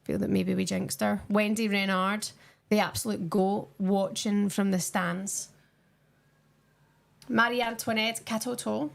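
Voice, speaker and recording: A woman's voice: medium pitch, fairly even intonation, measured pace, vocal fry. A young woman chatting casually with her viewers on a live stream while she watches a football match and answers their comments.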